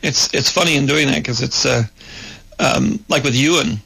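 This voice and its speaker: A man's voice: medium pitch, normal speed, creaky, sharp tone, breathy edge, poor audio. A man, a filmmaker, talking in casual conversation, thoughtful and repeating words as he thinks.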